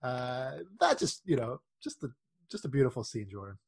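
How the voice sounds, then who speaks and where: A man co-hosting a casual podcast chat, animated, laughing often and leading the talk with questions. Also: medium pitch, normal speed, husky. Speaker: podcast co-host.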